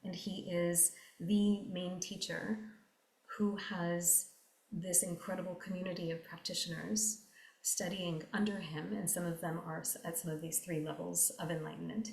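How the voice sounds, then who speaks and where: A woman speaks in a somewhat low voice, earnest and reflective as she explains meditation teachings. She repeats key phrases and slows down to stress them. Her voice carries a noticeable echo from the room around her. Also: creaky, darkish tone. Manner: earnest, repetitive, slows down for emphasis.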